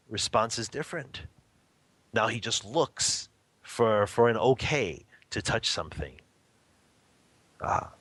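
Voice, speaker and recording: A man's fairly bright, low-leaning voice, recorded with no echo, belongs to an interview guest who is a father and meditates at home. In casual spoken teaching he discusses family life and spiritual practice. He chuckles often and keeps checking in with "you know" and "okay?"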